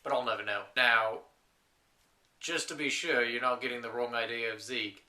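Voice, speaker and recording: A man's voice: mid-range voice, steady tone, normal speed, bright, forceful tone. A young man playing a lonely last man on earth, telling wry rambling stories to camera in a scripted comedy monologue.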